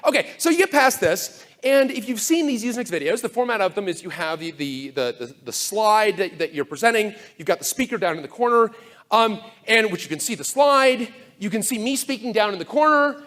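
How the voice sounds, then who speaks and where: A man giving a conference talk to a live audience, sardonic and animated, full of fast asides and mock quotes. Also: sits high. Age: older. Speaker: conference speaker.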